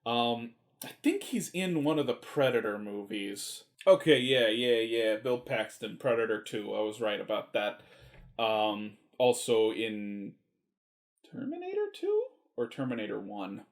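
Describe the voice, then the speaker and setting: A man's voice: mid-range voice, sing-song, a little slow. A man chatting casually about a movie, rambling and enthusiastic and swearing freely. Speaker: movie reviewer. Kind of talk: casual movie review chat.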